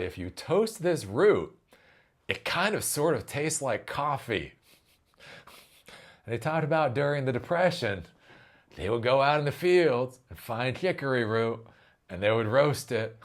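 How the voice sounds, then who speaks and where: A man ranting in a commentary vlog, his pitch swinging up and down. He swears freely and bursts into loud exasperated outbursts, then drops low again. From Ohio, US. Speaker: tech commentary host.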